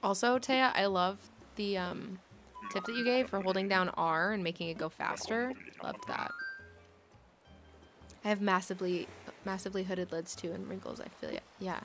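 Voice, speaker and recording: A woman in her late twenties talks casually to her viewers while she plays a game. She rambles in loose, filler-heavy sentences at a middle pitch. Soft game music plays faintly underneath. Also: moderate pace. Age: late 20s. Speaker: livestream host. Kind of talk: casual chat while gaming.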